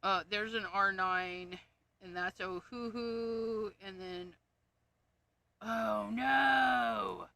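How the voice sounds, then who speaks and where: A woman's voice: medium pitch, animated, very slow, sharp tone. A woman hosting a crafting livestream, casually talking to herself as she sorts markers and reads off their codes, and easily amused by her own jokes. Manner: muttering, reading off codes to herself. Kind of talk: casual livestream chat while sorting markers.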